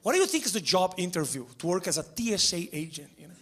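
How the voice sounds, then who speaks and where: A man doing stand-up comedy, deadpan and chuckling at his own jokes, on a stage mic. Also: sits high, fast talker, noisy background. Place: theater stage before a live audience. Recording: live show with crowd laughter. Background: audience laughter.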